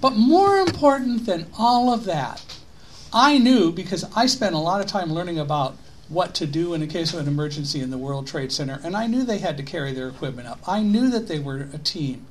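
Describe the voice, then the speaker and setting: A middle-aged man telling a story to an audience, animated and given to rhetorical questions. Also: on the high side, a little fast, a little hiss or hum. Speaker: speaker. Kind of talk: storytelling talk.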